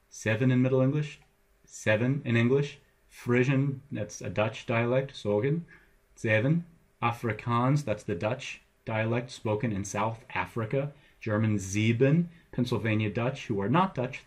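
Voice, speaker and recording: A man's voice: medium pitch, darkish tone, breathy edge. A middle-aged male English professor giving a recorded lecture over slides, with a wry, playful teacher's manner.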